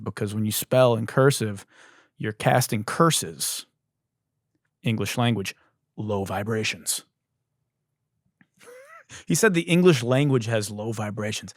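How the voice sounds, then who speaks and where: A man rants through a comedy podcast monologue, spinning puns and swearing freely. His pitch leaps around animatedly and his voice has a slight hoarseness. The sound is dry and close, with no room around it. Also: a little slow, long pauses, dry recording. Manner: riffing wordplay, profane, animated. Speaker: podcast host.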